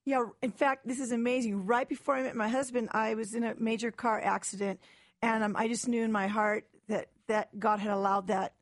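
A young adult woman tells her own story on a talk show, lively and animated, slipping into the voices of the people she quotes. Her voice sits a little high. The sound is close and dry, with no room around it. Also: a little fast, dry recording. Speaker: guest. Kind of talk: personal testimony in a talk-show interview.

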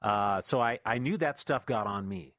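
A man's voice: fairly low pitch, normal speed, a bit bright, dry recording, clean studio sound. A middle-aged man hosting a faith talk show, earnest and conversational, often restarting his sentences as he leads the interview.

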